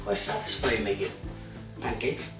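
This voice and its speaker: A man's voice: fairly low pitch, measured pace, creaky, recorded from a distance. A man in his forties hosting a casual cooking vlog, chatty and jokey, swearing freely. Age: 40s. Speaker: cooking show host. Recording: echoey room, off-mic, music behind.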